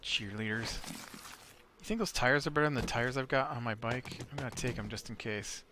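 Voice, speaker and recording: A man's voice: medium pitch, a little fast. A man hosting a let's play, talking casually over his gameplay and rambling with lots of filler words. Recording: clear background noise.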